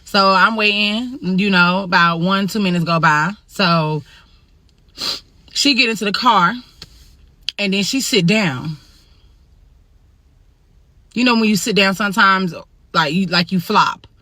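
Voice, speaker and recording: A rideshare driver, telling a storytime monologue in an animated, profane and exasperated way. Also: mid-range voice, unhurried, pauses often, no room sound.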